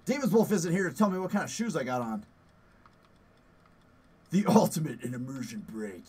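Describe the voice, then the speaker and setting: A man streaming a horror game, yelling and playfully cursing at enemies, out of breath after push-ups. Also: a little high, expressive, normal speed, pauses often, husky. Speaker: gaming streamer. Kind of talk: live gameplay commentary.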